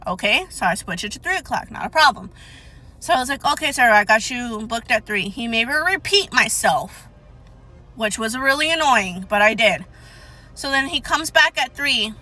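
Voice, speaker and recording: A woman's voice: a little high, moderate pace, sharp tone, soft background music, rough recording. A young woman telling a storytime rant in a casual, exasperated and sarcastic way, swearing freely. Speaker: storyteller vlogger.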